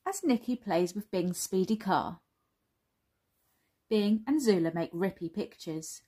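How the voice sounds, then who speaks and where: Woman reading children's stories: gentle, slow, sing-song. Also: medium pitch, animated, breathy edge. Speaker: storyteller.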